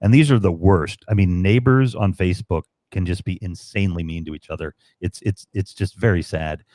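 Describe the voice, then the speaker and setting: A man's voice: low voice, a little fast, darkish tone, dry recording, clean studio sound. A man from Chicago telling rambling, profane stories in a casual live-stream chat. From Chicago, USA.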